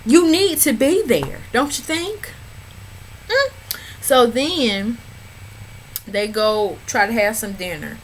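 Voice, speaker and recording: A woman's voice: a little high, expressive, takes it slowly, long pauses, a little hiss or hum, low-quality recording. A woman recapping a reality show in casual, sassy commentary, talking back at the screen and chatting to her viewers. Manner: chatty, addresses viewers as y'all. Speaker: reality TV reviewer.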